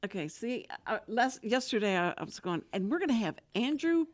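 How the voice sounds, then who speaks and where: Lively woman radio host. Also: a little high, fairly quick, no room sound. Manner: animated, chatty storyteller. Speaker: radio talk show host. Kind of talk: casual radio chat.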